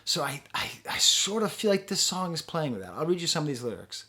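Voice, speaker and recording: A man's voice: on the high side, sing-song, a little fast, hardly any pauses, pushed and bright. A man giving a casual spoken album review, musing and hesitant, often laughing between thoughts. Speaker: music reviewer.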